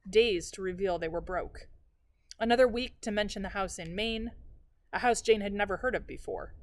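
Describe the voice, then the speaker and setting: A woman librarian reading a novel aloud in a measured, even storytelling manner. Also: medium pitch.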